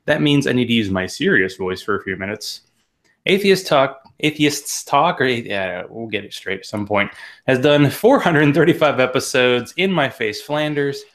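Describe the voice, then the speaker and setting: Male podcast host, middle-pitched, jokey and theatrical on the intro, then relaxed chat. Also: normal speed. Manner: jokey, animated delivery with exaggerated intro. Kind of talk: casual interview podcast.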